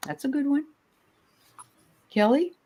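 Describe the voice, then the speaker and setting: A woman's voice: high voice, slow. Woman, host, live dream-reading stream, chatty, lots of interjections. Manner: chatty, warm interjections and fillers.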